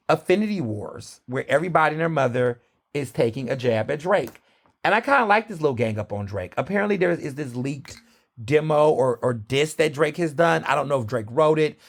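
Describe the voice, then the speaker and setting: A man hosting a solo podcast in a casual, animated, gossipy way, full of sassy asides. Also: medium pitch. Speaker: podcast host.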